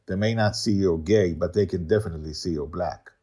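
A man reading a charming, flirtatious grown man who turns defensive, keeping close to his own low husky voice. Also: fairly quick, dark tone.

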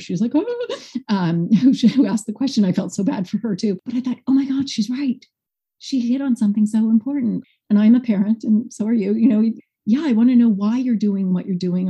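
A school director joins a podcast as a guest, speaking in an animated, expressive way and acting out quotes during a conversational interview. Her mid-range voice is slightly rough.

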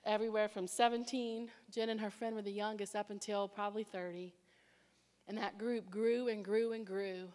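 A woman preaching a sermon, telling her own story with animated delivery and acting out other people's voices. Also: medium pitch, normal speed. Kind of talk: sermon with personal testimony. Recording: long reverb of a large hall.

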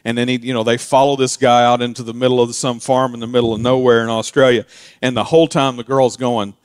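A man preaching a casual sermon. He drifts into quiet, chatty asides and then builds to loud, emphatic peaks. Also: mid-range voice, flat delivery, fast talker, clean tone, no room sound, clean studio sound. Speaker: pastor.

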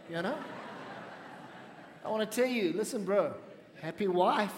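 A man preaching a sermon to a congregation, speaking in measured phrases and asking the audience to respond. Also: sits high, reverberant, long reverb tail, a little hiss or hum. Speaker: pastor.

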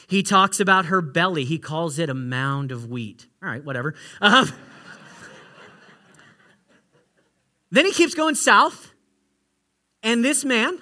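High, bright-voiced man preaching with humor. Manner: animated, joking asides, big swings from loud to hushed. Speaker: pastor. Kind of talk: sermon.

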